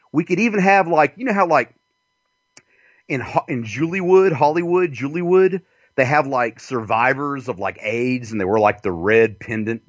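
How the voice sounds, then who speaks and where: On a dry, dull, lo-fi recording, a radio host with a mid-range voice and a Southern US accent meanders through a comic monologue full of profanity, laughing frequently.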